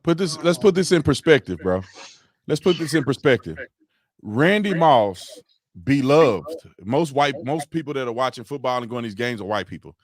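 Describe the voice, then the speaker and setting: A man's voice: medium pitch, big pitch swings, moderate pace, no echo, clean studio sound. A man on a talk show panel, emphatic and sarcastic in his commentary. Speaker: panel guest. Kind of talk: heated political commentary.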